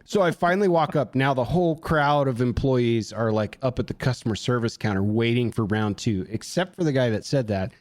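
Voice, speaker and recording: A man on a podcast telling a story in casual chat, animated, swearing a lot and acting out what people said. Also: medium pitch, brisk, hardly any pauses, dry recording, studio quality. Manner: animated, heavy swearing, acts out quotes. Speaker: podcast co-host.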